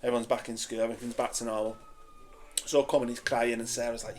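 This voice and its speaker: A man's voice: mid-range voice, quick pace. A man, telling a story in a casual, laughing, sweary way as a podcast guest. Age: 40s. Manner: animated, laughing, sweary banter.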